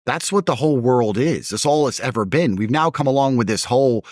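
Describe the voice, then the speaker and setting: Man, blunt and mocking, swooping animated pitch, dry close sound. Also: fairly quick, no room sound. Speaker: guest. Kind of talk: podcast conversation.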